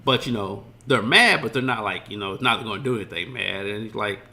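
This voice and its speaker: Bright-voiced man rambling casually. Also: on the low side, lively intonation, fairly quick, vocal fry. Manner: rambling, profane, retells scenes loosely. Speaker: streamer reacting to a video. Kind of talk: casual reaction commentary.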